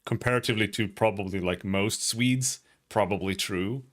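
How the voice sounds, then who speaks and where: Speaking at a moderate pace in a fairly low voice, this young man with a Swedish accent streams games and rambles in casual conversation, cursing occasionally.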